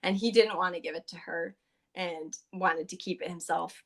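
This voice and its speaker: A woman's voice: lowish voice, steady tone, normal speed, a bit bright. A woman podcast co-host casually recapping a tabletop game session, chatty and loose with lots of fillers.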